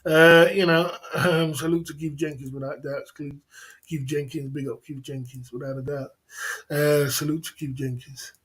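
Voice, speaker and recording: A man hosting a casual livestream, telling stories in a chatty way, laughing often and giving shout-outs to viewers. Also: on the high side, little pitch movement, normal speed. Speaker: livestream host.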